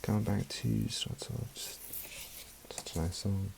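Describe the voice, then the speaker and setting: Low gravelly rambling male vlogger. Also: fairly even intonation, measured pace, a little mellow, slight background noise, poor audio. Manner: rambling, emotional, swears often. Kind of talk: casual chat.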